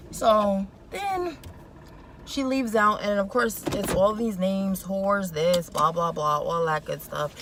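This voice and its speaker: A young woman giving an opinionated, colloquial recap of a reality show episode in a casual vlog. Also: on the high side. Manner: opinionated, sassy, colloquial, animated. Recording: clear background noise, vehicle sounds.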